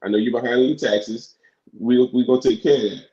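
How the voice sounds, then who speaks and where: A man playing a persuasive male wrestling executive in a role-play bit, repeating himself as he makes his pitch. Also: steady tone, a little fast, warm tone, dull audio, lightly acted.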